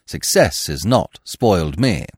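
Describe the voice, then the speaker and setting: A man reading aloud plays a suave, pompous young gentleman who talks in languid, elaborate, mock-solemn phrases. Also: deep voice, big pitch swings, a little slow, husky, dry recording, clean studio sound, heavily acted.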